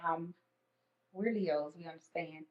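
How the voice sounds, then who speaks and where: This podcast guest has a low voice and takes her time as she recounts personal stories in relaxed conversation, voicing her own inner thoughts aloud. Crowd noise can be heard, and the room sounds dull and echoey.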